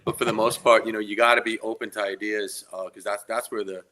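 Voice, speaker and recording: A man's voice: fairly low pitch, little pitch movement, fast, a crowd in the background. A man co-hosting a casual chat who makes his points emphatically and repeats them.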